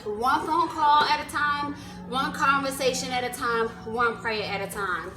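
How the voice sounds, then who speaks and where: A woman's voice: high-pitched, measured pace, over music. A woman hosting a podcast, wrapping up a casual interview with a bubbly manner. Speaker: podcast host. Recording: echoey hallway.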